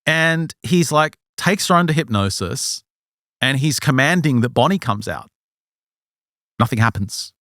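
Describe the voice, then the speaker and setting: A male podcast host telling a story in casual chat, animated and acting out the people he quotes. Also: mid-range voice, measured pace, dry recording, studio quality.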